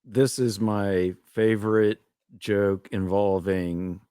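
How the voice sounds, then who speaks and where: A man's voice: lowish voice, fairly even intonation, slow pace, mellow, clear, resonant tone, no room sound, studio quality. Laid-back man telling jokes. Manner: laid-back, laughs at his own jokes. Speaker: podcast co-host. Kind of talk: casual chat, telling jokes.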